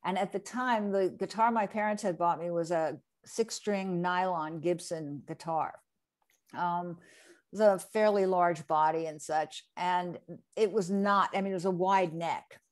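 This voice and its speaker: A woman's voice: lowish voice, unhurried. Woman from New Jersey telling stories. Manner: lively anecdote telling, acting out quoted people. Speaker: interview guest, re-recording mixer. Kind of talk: casual storytelling interview.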